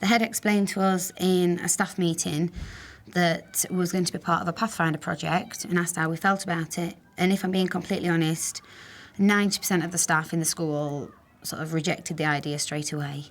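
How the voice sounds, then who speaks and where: A woman's voice: on the low side, steady tone, fairly quick. A woman with an English accent, a primary school teacher, speaking candidly and reflectively in an interview. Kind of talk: interview talk.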